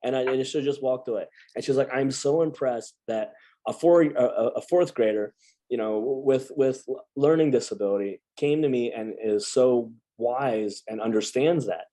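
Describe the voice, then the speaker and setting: A man in his thirties talks through a personal story in loose, casual conversation. He stumbles and restarts often, yet keeps up an animated energy. His voice has a dark, mellow tone. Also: mid-range voice, normal speed. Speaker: guest, Marine veteran. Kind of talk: casual chat.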